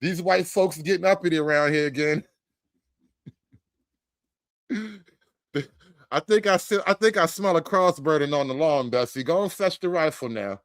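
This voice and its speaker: A man slips into a drawling rural fellow who keeps hollering for his gun, mocking and amused. The voice sits a touch high and is recorded dry and close. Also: normal speed, long pauses, a bit bright, dry recording. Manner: mocking, drawling, laughing between calls.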